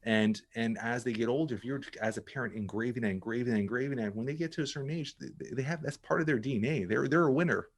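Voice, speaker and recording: A man's voice: mid-range voice, fast talker, hardly any pauses. A middle-aged man talking casually as a podcast guest, emphatic and full of restarts and repeated words. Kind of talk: casual interview talk.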